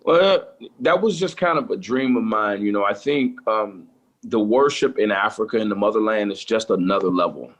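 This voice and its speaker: A man, a gospel singer, talking casually in an interview, turning animated and preacher-like when excited. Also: on the low side, normal speed, dull audio.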